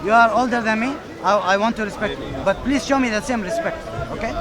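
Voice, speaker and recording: A young man with a strikingly high voice holds a street debate in an outdoor park. He speaks firmly and deliberately, pressing his questions. A busy crowd murmurs all around him. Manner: firm, deliberate, insistent questioning.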